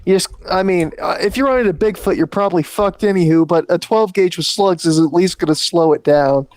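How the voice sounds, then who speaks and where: A man's voice: high voice, a little fast, a little mellow, no echo. A man guesting on a live stream, chatting casually in a rambling, profane, matter-of-fact way. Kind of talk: casual chat.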